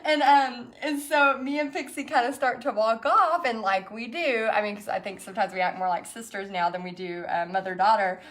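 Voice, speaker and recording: Woman, middle-aged, fairly high voice, hosting an online paint party and telling stories. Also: a little fast, few pauses, a bit bright. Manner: chatty storytelling with frequent laughs. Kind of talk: casual chat while painting.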